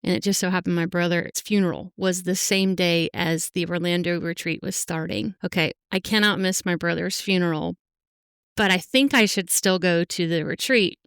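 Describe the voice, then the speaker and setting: A middle-aged woman sharing her own story on a podcast, earnest and halting, pausing often. Her voice is very smooth and clear. It sounds dry and close, with no room around it. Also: lowish voice, steady tone, a bit bright, dry recording. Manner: heartfelt, halting, full of fillers. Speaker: podcast guest. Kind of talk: emotional personal interview.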